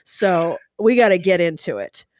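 A woman hosting an interview podcast, bubbly and excitable, laughing often as she chats with her guest. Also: fairly low pitch, normal speed, no room sound, clean studio sound. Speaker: podcast host. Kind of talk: upbeat interview chat.

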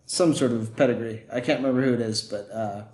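A man co-hosting a podcast in casual film talk, agreeable and quick to chime in, often stumbling on restarts. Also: mid-range voice, darkish tone. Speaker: podcast co-host. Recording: roomy echo.

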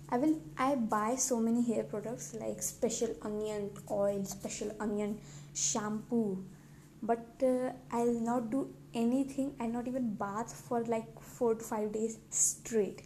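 Teenage girl, vlog monologue, rambling and self-mocking, slightly high voice, faint hiss behind. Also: steady tone, measured pace, dark tone. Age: teens. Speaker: vlogger. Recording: faint background noise.

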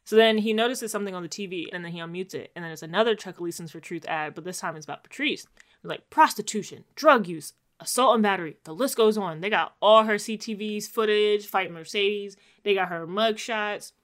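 A woman's voice: mid-range voice, a little fast. A woman co-hosting a casual chat, animatedly acting out characters' lines as she recaps. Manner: animated, acts out characters' lines while retelling. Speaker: podcast co-host recapping a TV show.

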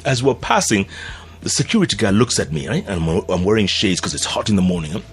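Animated low-voiced male radio storyteller. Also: fast. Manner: animated, acts out the voices of the people he quotes. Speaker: radio show host. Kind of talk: casual anecdotal storytelling.

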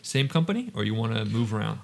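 A man's voice: on the low side, very animated, quick pace, creaky. A man hosting a podcast interview, chatty and teasing, with lots of "like" fillers. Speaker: podcast host. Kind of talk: casual interview chat.

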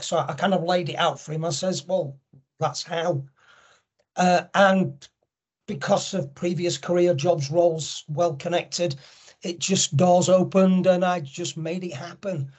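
A middle-aged man, founder of an angel network, talks candidly as a podcast guest in conversational storytelling with lots of restarts. His voice is high-pitched and husky with a darkish tone, fairly even intonation, and a moderate pace.

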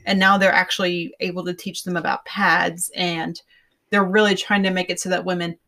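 A woman co-hosting a podcast in casual chat, summarizing in a relaxed, wry way. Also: lowish voice, moderate pace. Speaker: podcast co-host.

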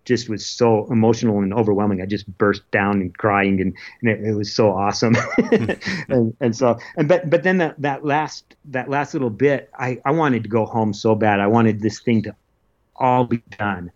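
A man telling the story of his expedition in an interview, earnest and halting, with many restarts. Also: fairly low pitch, muffled recording. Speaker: interview guest, polar adventurer. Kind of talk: casual recounting of an expedition.

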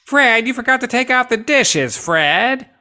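Guy doing a shrill old lady ship computer, nagging real slow. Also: expressive, pushed and bright, full character voice. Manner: shrill, drawn-out scolding. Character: nagging old woman voice of a spaceship.

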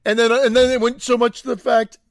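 A man co-hosting a podcast in casual chat, excitable and stumbling over restarts. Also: very high voice, a little fast, vocal fry, no room sound, studio quality. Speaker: podcast co-host.

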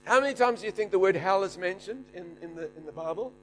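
A middle-aged man preaching, animated, shouting and laughing as he tells a story. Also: sits high, fast talker. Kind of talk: sermon storytelling.

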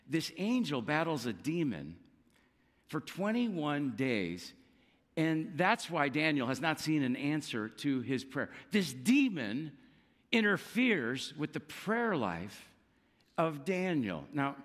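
A man preaching a sermon, telling a scripture story with lively emphasis and acting out quoted lines. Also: fairly high pitch, a little slow, in a large hall. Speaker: pastor.

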